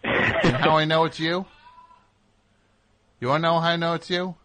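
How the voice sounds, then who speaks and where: A male radio host with a bright, tense voice, quizzing a caller in excited, teasing banter. The sound is dry and close. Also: fairly high pitch, normal speed, dry recording.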